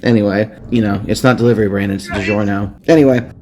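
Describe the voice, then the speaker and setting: A man's voice: on the low side, steady tone, fast talker, dark tone. A man hosting a podcast, recapping a children's book in a casual, crude, rambling way, swearing freely. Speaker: podcast host.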